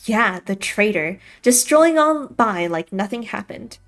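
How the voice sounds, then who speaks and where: A woman's voice: medium pitch, expressive, unhurried, soft background music. A woman voicing Mealy, a scornful protective coworker. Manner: hostile, scornful and confrontational. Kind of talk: reading a visual novel aloud with voices.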